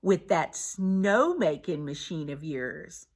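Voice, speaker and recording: A woman's voice: low voice, expressive, takes it slowly, full character voice. A woman voicing a grouchy, whiny man bus driver in a storybook, grumbling and complaining. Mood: sly.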